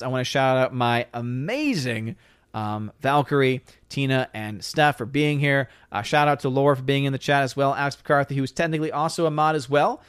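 A man hosting a live stream, reading viewer comments aloud and reacting in an animated, joking way. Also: medium pitch, clean tone, no room sound, studio quality. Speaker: livestream host reading chat. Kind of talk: casual live-stream chat.

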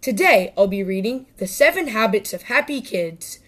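A woman reads a children's picture book aloud as the host of a story podcast. Her voice sits in a middle pitch, and her manner is bright and lively. She gives small voices to the characters as she goes. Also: moderate pace.

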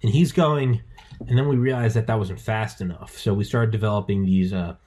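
A man with a low, husky voice, hosting a casual podcast chat from home. He rambles and gets excited as he goes, swearing freely and restarting his sentences. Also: a little fast. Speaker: podcast host. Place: home, with dogs around.

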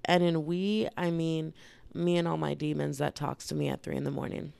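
A woman's voice: deep voice, flat delivery, normal speed, creaky, darkish tone, clean tone, no echo. A woman hosting her own podcast, chatting in a playful, rambling way while congested from a cold. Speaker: podcast host. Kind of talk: casual solo podcast chat.

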